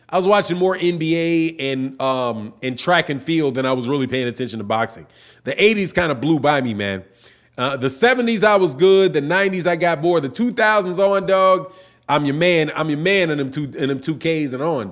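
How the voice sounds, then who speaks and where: A man in his forties hosting a casual livestream, reading chat comments aloud in a slangy, rambling way. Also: a little high. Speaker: boxing channel host.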